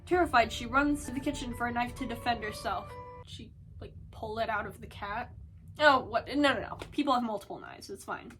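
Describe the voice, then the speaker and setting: A young woman vlogger who reads scary stories aloud in an animated voice, acting out the lines and breaking off to laugh and add chatty asides. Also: fairly high pitch, brisk, soft background music. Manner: animated, acts out lines in the story.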